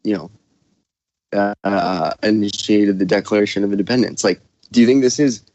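A man hosting a casual conversation, talking slowly with many restarts and pauses while he searches for words. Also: on the low side, darkish tone, dry recording, highs cut off. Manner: slow, halting, searching for words.

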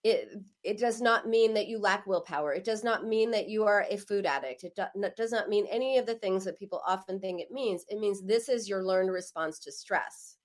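A woman speaking as an author giving advice, emphatic and animated, often acting out quoted phrases. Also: mid-range voice, normal speed. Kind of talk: spoken advice monologue.

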